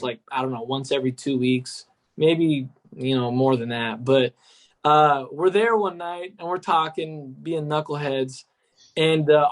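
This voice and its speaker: A man, an app co-founder, chatting enthusiastically and loosely on a podcast, full of "like" and "cool". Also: fairly high pitch. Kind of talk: casual podcast chat.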